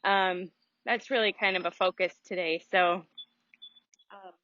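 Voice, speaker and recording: A woman teaching a yoga class, calmly cueing breaths and movements with some ums and uhs. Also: on the low side, a little slow, no echo. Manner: calm, cueing breath and movement, with filler words. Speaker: yoga instructor. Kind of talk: guided yoga class instruction. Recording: dull, dry lo-fi sound.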